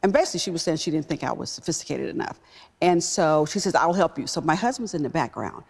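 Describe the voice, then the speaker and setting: A woman executive telling a personal story in a talk-show interview, emphatic and animated. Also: sits low, quick pace, gravelly, breathy edge. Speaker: guest, business executive.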